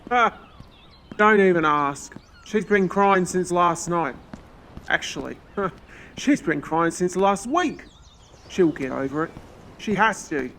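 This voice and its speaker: A woman voicing an excitable, cheeky young man who talks loud and brash. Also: on the low side, slow pace, long pauses, slight background noise, exaggerated voice. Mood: rueful.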